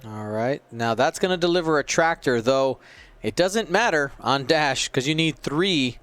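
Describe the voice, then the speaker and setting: A man's voice: fairly high pitch, lively intonation, unhurried, a bit bright, clear, resonant tone, no room sound. A man giving play-by-play commentary on a tabletop miniatures game, calling shots and explaining the rules with a wry aside now and then.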